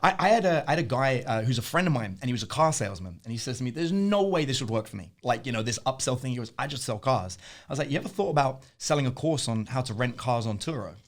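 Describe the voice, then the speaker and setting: A man's voice: medium pitch, racing, few pauses. A man being interviewed, telling stories casually and acting out the voices of the people in them. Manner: animated, acts out the voices in his stories; swears casually. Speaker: interview guest.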